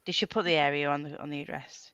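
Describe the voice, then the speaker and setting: A woman's voice: deep voice, fairly even intonation, quick pace, a bit bright, no room sound, lo-fi sound. A woman hosting a reading stream, chatting casually and laughing often. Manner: chatty, laughs often, playfully mimics accents. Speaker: reading sprint stream host. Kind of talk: casual chat.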